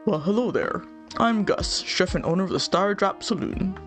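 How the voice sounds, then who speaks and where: A woman's voice: mid-range voice, expressive, moderate pace, faint music behind, natural voice. A woman voicing a friendly middle-aged chef in a video game playthrough, near her own voice. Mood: welcoming.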